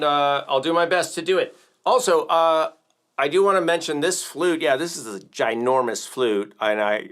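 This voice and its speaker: A drum teacher from the United States hosts a casual music livestream in a medium-pitched, fairly bright voice. His talk wanders and jokes along, full of fillers, restarts and self-corrections.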